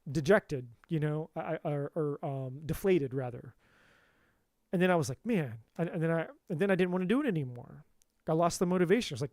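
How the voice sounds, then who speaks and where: A man's voice: a little high, darkish tone, no room sound, studio quality. A man in a casual livestream monologue as a tarot reader and coach, candid and profane, repeating himself for emphasis into a phone.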